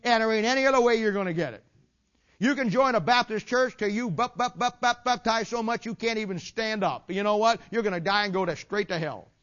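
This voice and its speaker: A man's voice: high voice, fairly quick, fairly bright tone. An older man preaching a sermon in an emphatic, folksy, repetitive way. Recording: dull lo-fi sermon recording.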